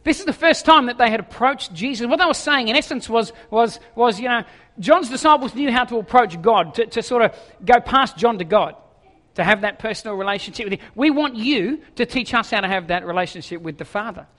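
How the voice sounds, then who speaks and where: A man's voice: very high voice, lively intonation, fairly quick, a bit bright, long reverb tail. A pastor giving a chatty sermon with jokes, often stumbling over and repeating his words.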